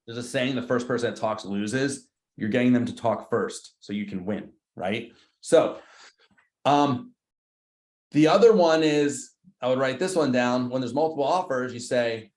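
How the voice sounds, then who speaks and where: Speaking in a mid-range, slightly mellow voice at a moderate pace, the man leads his team of agents in a live training session. The roomy echo of the meeting room carries his casual, slangy talk as he acts out both sides of phone calls.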